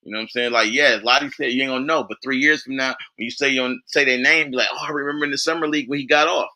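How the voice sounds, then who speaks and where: A man's voice: medium pitch, steady tone, rapid-fire, pushed and bright. A man vlogging about basketball in a loose, casual way, full of fillers and boastful trash talk. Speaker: sports vlogger.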